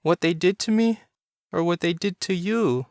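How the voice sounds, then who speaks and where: A man's voice: sits high, normal speed, no echo, clean studio sound, voice pushed up. A man voicing a small, frightened boy who pleads through tears. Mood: accusing. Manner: pleading, tearful.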